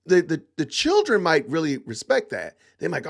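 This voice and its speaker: Podcast host, man, middle-aged, gravelly and animated, emphatic rhetorical commentary. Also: on the high side, moderate pace. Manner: emphatic, rhetorical questions, repeats himself. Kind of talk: opinionated livestream commentary.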